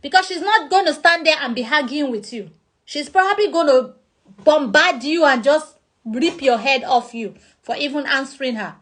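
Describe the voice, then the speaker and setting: Her high, slightly bright voice has lively intonation and moves at a normal speed. Speaking with a Nigerian accent, she explains a topic casually in a chatty vlog and acts out examples.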